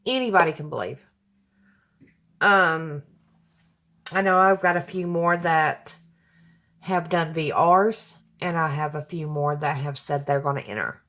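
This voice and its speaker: Woman vlogger, slow and lowish, gushing with heartfelt thanks. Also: fairly even intonation, fairly bright tone. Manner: gushing, apologetic, emotional, sighs often. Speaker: crafting channel host. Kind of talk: casual chat to camera. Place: home room with hardwood floor.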